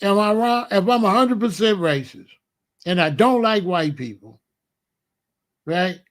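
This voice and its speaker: A man's voice: high voice, a little slow. A man hosting his own show, delivering a casual comedic monologue full of rhetorical questions and chuckling asides. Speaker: host.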